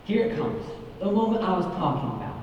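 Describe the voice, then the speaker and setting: Young actor as middle-aged man fan, confiding, mellow tone, distant, echoey hall, dull sound. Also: medium pitch, very animated, fast, slight background noise, lightly acted. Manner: confiding, musing asides to the audience. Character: wistful middle-aged male musical fan. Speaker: narrator. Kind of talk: stage musical acting. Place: theater stage.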